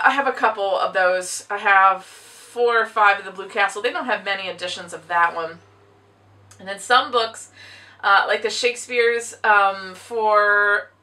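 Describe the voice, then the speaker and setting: A woman's voice: medium pitch, bright, forceful tone, recorded from a distance. A woman chatting casually to camera about her books, rambling and laughing often while chewing gum. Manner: chewing gum, audible clicking. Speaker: book vlogger; teacher of a book publishing class.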